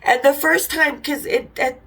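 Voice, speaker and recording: A middle-aged podcast host from Utah tells frank, irreverent stories in a casual chat, sometimes laughing. Her high-pitched voice is bright and forceful at a measured pace, and the audio is poor.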